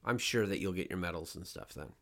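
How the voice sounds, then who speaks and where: A man in his thirties, a dad co-hosting a family podcast with his kid, teasing with deadpan jokes. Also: sits low, fast talker. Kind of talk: joking family podcast chat.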